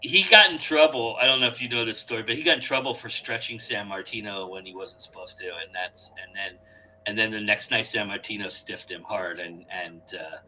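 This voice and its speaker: A man in casual conversation, excitedly telling stories and often repeating words as he goes. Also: on the low side, brisk, slight background noise, poor audio. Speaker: podcast co-host or guest. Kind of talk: casual chat.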